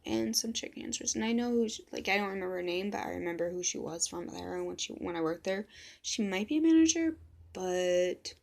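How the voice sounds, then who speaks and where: Gravelly, blunt woman telling a story. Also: medium pitch, animated, darkish tone. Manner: blunt, swears freely, quotes others in quick back-and-forth. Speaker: vlogger. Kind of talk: casual storytime vlog.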